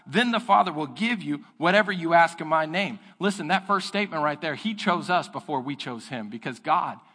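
A man preaching a sermon as pastor, lively and animated, breaking into high voices when he quotes people and God. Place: church sanctuary. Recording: church hall with long reverb.

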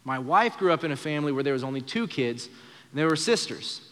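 A young man with a slightly high voice preaches in earnest, playing out quoted lines with shifting voices. The long reverb of a church hall trails behind every phrase, as at a live evening service. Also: lively intonation, fairly quick, fairly bright tone. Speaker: pastor. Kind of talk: sermon.

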